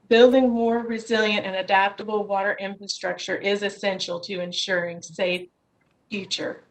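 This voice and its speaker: A woman joins a Senate hearing remotely from her office, reading a prepared statement over video call in a measured manner. Her pitch is medium and the audio is poor.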